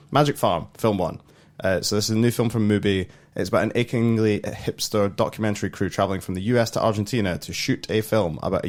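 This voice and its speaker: A man hosts a film podcast in a fairly low voice. He jokes dryly, then shifts into a plain, scripted introduction of the first review. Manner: dry, joking, moves the talk along. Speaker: podcast host.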